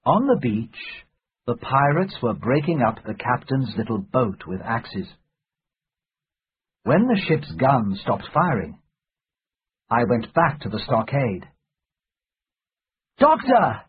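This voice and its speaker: A man with a husky, breathy voice reads an adventure story aloud at an unhurried pace. His pitch moves a lot, lifting and dropping through the sentences. The sound is thin and tinny, like a phone recording. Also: very animated. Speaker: narrator. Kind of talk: scripted storybook narration.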